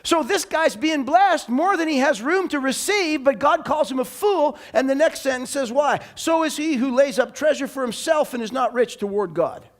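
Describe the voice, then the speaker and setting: A man preaching a sermon in church as the pastor, animated and emphatic, now and then rising into loud bursts. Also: extremely high pitch, moderate pace, few pauses.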